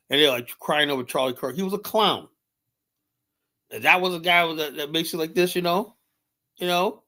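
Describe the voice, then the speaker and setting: A man's voice: on the high side, normal speed, long pauses, pushed and bright. A man hosting a livestream, ranting in a heated, profane, rambling way with many restarts. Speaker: livestream host. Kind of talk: casual livestream rant. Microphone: streaming setup mic.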